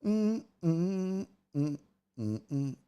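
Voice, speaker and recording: A man's voice: on the high side, very animated, very slow, mellow, smooth, dull audio. A man hosting a casual livestream sports talk show, swearing freely as he reads chat comments aloud and answers them.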